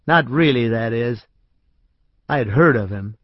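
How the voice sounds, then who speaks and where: A man's voice: medium pitch, expressive, measured pace, dry recording, close to an everyday voice. An anxious young man speaking with careful, hesitant politeness, voiced by a male storyteller. The voice sits just above the narrator's own. Dry, slightly muffled close recording. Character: anxious young man, hiding his identity.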